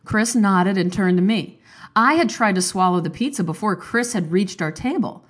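A young woman chatting casually, then reading a children's book aloud and lifting her pitch for the characters' lines. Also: moderate pace. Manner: chatty, playful, voices characters with pitch lifts. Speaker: book reader and commentator.

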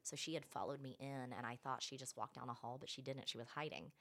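A young woman, a podcast guest telling an animated, profane story in casual chat. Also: extremely low pitch, fast talker. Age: young adult. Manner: animated, profane, acts out quotes.

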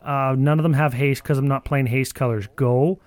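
A man with an ordinary mid-pitched voice talks shop on a podcast. He rambles and fills his talk with "like", mixing sardonic asides with swearing. The sound is close and dry. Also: fairly even intonation, normal speed, a little mellow, no echo. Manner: rambling, sardonic, profane, many fillers. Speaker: podcast co-host. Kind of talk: casual card game chat.

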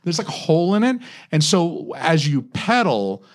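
A man's voice: on the high side, normal speed. A young man hosting a podcast, telling crude stories in casual comedic chat and acting out the voices. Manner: crude, animated storytelling with acted-out voices. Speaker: podcast host.

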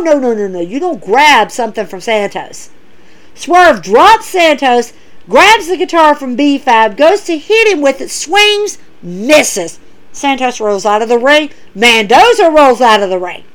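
A woman with a high voice that swoops up and down, recapping wrestling shows. She talks in an excitable, animated way and retells the quoted lines as she goes. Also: unhurried, low-quality recording. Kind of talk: casual recap commentary.

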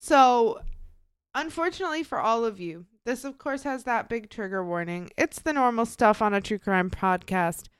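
A woman's voice: on the high side, lively intonation, normal speed, smooth, no room sound. A woman co-hosting a true crime podcast, talking in a casual, upbeat, chatty way with lots of fillers. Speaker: podcast co-host presenting the case.

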